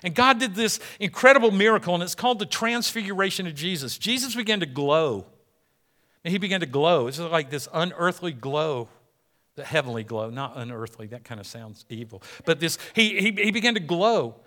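A middle-aged man preaching a sermon as pastor, animated and acting out the people he quotes. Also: a little high, a little fast.

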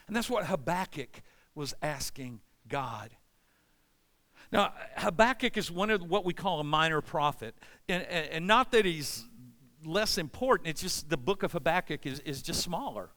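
A middle-aged man preaching a sermon as pastor, animated and voicing anguished prayers to God. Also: fairly high pitch, moderate pace.

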